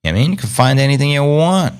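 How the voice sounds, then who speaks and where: A man's voice: fairly high pitch, expressive, fast, clean tone. Chatty man hosting a crypto livestream. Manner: rambling, upbeat, slangy, shout-outs to viewers. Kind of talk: casual livestream chat reading viewer comments.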